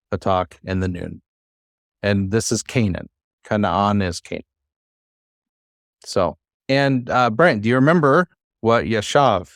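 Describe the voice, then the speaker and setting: A Hebrew teacher leads a class, explaining patiently and coaxing his students to try reading aloud. His voice is fairly low in pitch. The studio sound is clean, with no room sound.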